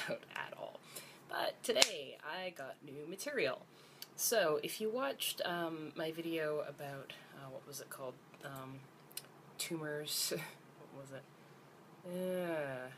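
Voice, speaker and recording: Young woman from Canada, vlogger, lowish voice, blunt and swearing, faint room hum behind. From Canada (Ontario). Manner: blunt and profane, rising to heated exasperation. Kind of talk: ranting vlog to camera.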